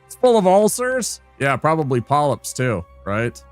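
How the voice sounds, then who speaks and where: A playful male streamer chatting over his gameplay with a fairly high, bright-toned voice. He teases and jokes as he talks, recorded close and dry. Faint music sits in the background. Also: big pitch swings, measured pace, no echo. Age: adult. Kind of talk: casual gameplay commentary.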